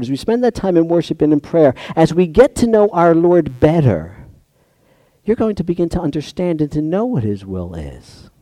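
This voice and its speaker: A man's voice: sits high, mellow, no echo. A man preaching a conversational sermon, acting out prayers and little dialogues as he goes.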